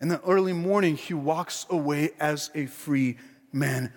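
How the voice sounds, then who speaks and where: Impassioned high-voiced male preacher, reverberant hall. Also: a little slow. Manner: impassioned, with rhetorical questions and repetition; swings between hushed and loud emphatic delivery. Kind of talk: sermon. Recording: long reverb of a large hall.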